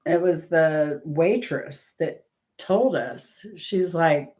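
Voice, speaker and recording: Speaking very slowly in a deep, darkish voice, this woman hosts a music trivia channel. Her casual chat drifts through travel stories, full of laughs and self-corrections.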